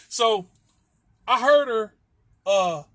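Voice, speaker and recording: Middle-aged man, high voice, rambling profane storyteller who laughs a lot, dry close sound. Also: animated, very slow, fairly bright tone, no room sound. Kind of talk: casual storytelling.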